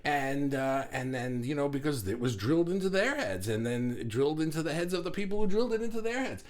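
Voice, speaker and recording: A man hosting a casual spiritual talk, rambling and animated, laughing and sighing often. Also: fairly high pitch, a little fast. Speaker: spiritual channel host.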